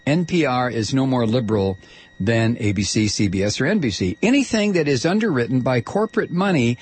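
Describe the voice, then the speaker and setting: Husky, heated talk radio host. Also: male voice, mid-range voice. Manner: heated, ranting, stammering restarts. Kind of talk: political talk radio monologue.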